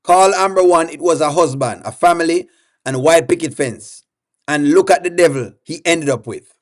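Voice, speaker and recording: A man's voice: a little high, normal speed. A man hosting a live-stream reaction show, chatting and putting questions to his viewers while reading their comments aloud.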